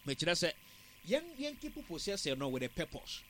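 A man giving football analysis on a sports talk show, in a measured, analytical way. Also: on the high side, sing-song, slight background noise.

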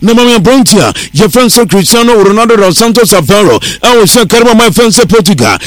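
A man reading sports news on the radio in a steady newsreader delivery, mixing English words into his talk. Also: sits high, fast, no room sound. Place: radio studio.

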